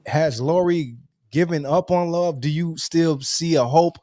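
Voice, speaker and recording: A man's voice: fairly high pitch, unhurried, warm tone, dry recording, studio quality. A man hosting a live interview show, talking casually and reassuringly with repeated phrases. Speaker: host.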